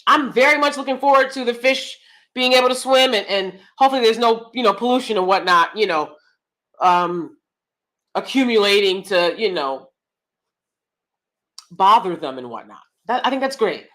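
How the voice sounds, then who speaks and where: A woman holds forth in a casual, ranting monologue, her high voice swinging widely as she tells her story. Her tone is bright and sharp, and she acts out the exchange with exasperated repeats and restarts. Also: moderate pace. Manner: animated storytelling, acting out both sides of a dialogue. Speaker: speaker telling a personal story.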